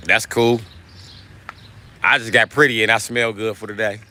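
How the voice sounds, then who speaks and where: A man's voice: lowish voice, little pitch movement, normal speed, bright, forceful tone, a little hiss or hum. Profane man ranting on a livestream. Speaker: livestream host. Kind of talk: casual livestream rant.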